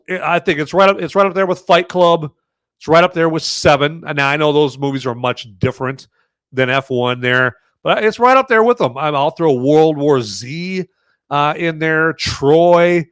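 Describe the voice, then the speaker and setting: Guy rambling thru a live movie review, kinda high voice, smooth and dry sounding. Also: a bit bright, no echo. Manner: rambling, lots of "uh" and "there". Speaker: podcast host.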